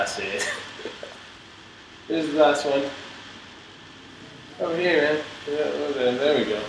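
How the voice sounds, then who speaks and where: A man's voice: fairly high pitch, animated, unhurried, pauses often, roomy sound, far from the mic, soft background music, low-quality recording. A man giving live, profanity-heavy commentary on his own gameplay as a gaming video host. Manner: profane, swearing at a teammate.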